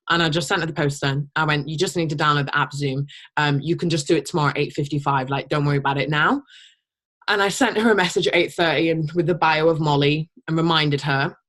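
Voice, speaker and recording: A woman runs a team training call with a blunt, chatty pep talk. Her voice sits a little low, and she jumps up in pitch when she acts out sample messages. She swears casually and comes across as straight-talking. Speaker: team leader.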